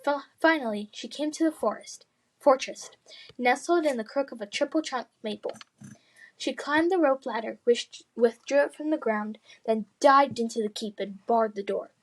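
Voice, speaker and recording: A woman's voice: fairly high pitch, moderate pace, rough recording. Woman reading a story aloud. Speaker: audiobook reader.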